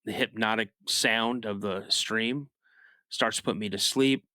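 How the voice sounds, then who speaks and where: A man who is a guest on a podcast, telling a personal story in a casual, animated way. He often restarts his sentences and adds "you know" asides. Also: on the low side, unhurried, dry recording, clean studio sound. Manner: animated storyteller, rises sharply when acting out his younger self shouting.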